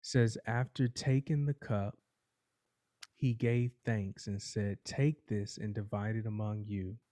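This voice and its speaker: A man preaching a sermon, telling a courtroom parable in a slow, dramatic storytelling manner. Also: lowish voice, fairly even intonation, dark tone, dry recording.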